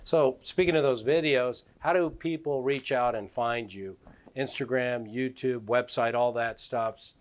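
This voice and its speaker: Male host, friendly and affirming, promo sign-off energy, medium pitch. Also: a little slow. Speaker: podcast host. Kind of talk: interview hosting and sign-off. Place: car storage shop.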